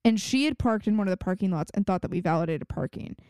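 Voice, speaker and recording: A woman's voice: medium pitch, lively intonation, fast talker, mellow, clear, resonant tone, dry recording, studio quality. A young woman co-hosting a podcast in casual chat, telling indignant stories from work. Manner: storytelling, indignant. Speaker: podcast co-host.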